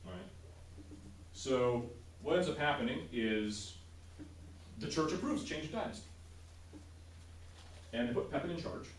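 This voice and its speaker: A man's voice: mid-range voice, animated, a little slow, long pauses, a little hiss or hum. A male teacher giving a casual history lecture in class, often checking in with his students by asking "right?". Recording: roomy, distant classroom sound.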